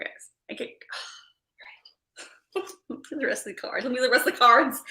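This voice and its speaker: A woman hosting a live collective tarot reading, excitable and rambling, who keeps checking in with her listeners. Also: fairly high pitch, normal speed, vocal fry, long pauses, roomy sound, slight background noise, rough recording. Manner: excitable and rambling, with frequent "okay?" and "right?" check-ins. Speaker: tarot reader and livestream host.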